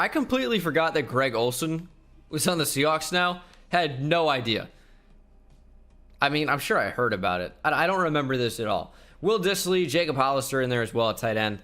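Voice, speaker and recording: A man's voice: medium pitch, bright, forceful tone. A young man giving casual, rambling commentary over his video game footage as a channel host. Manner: chatty, rambling, quick asides.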